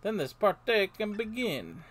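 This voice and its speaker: A man's voice: high voice, wildly swooping pitch, a little slow, fairly bright tone, a little hiss or hum, pitched above the performer's own voice, full character voice. A man voicing a laid-back, hyped-up male party host creature from a video game.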